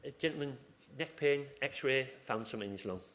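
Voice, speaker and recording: A man's voice: medium pitch, fairly quick, fairly bright tone, a little hiss or hum. Chatty man telling hospital anecdotes. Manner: chatty, anecdotal, acts out ward conversations. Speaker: acupuncturist in a hospital surgery team. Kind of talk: conference talk with questions from the floor.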